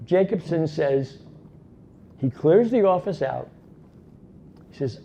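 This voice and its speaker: Animated high-pitched male storyteller. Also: normal speed, vocal fry, pauses often, slight background noise. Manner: animated, emphatic, punctuated with rhetorical asides. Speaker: conference speaker. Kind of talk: dramatic storytelling talk. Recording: dull lo-fi recording.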